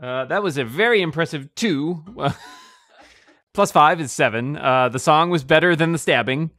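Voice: medium pitch, moderate pace, a bit bright, slight background noise. A tabletop game player, playful and fond of acting out their character's antics. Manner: playful, acts out scenes. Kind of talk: casual tabletop play.

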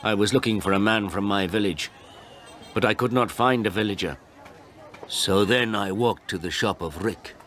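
A man reading a first-person story aloud as narrator, in slow, deliberate, plain sentences. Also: lowish voice, a bit bright, slight background noise. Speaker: audiobook narrator.

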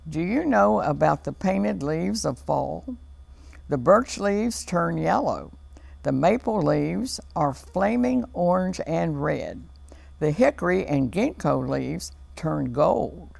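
A woman hosting a children's TV program in a studio, reading a storybook aloud to children in a gentle, child-directed way. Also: lowish voice, lively intonation, slow pace, creaky, dry recording.

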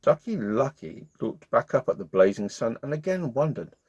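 A man's voice: mid-range voice, sing-song, normal speed, husky, lo-fi sound. A man reading a bedtime story aloud to children in a playful, friendly way as the channel's storyteller. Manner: warm-hearted, playful, sings along.

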